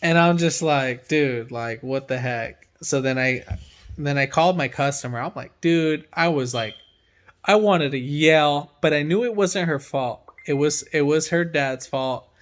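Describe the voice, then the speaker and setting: A young man, a mechanic, casually telling a story in loose slang, animated and laughing, with big swings between loud and quiet. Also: fairly high pitch, measured pace. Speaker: mechanic and channel host.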